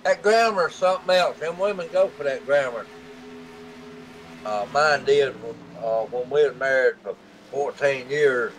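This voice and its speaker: Folksy deep-Southern Alabama man. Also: moderate pace, crowd noise, low-quality recording. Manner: folksy, drawling, laughs easily. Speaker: race commentator. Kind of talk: casual race broadcast commentary.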